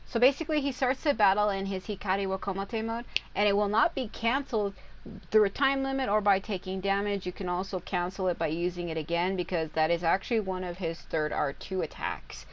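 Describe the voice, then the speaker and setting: A woman's voice: medium pitch, a little fast, poor audio. A woman casually explaining a video game's character abilities, chatty and often stumbling over long foreign names. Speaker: gaming content creator. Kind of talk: casual explanatory game talk.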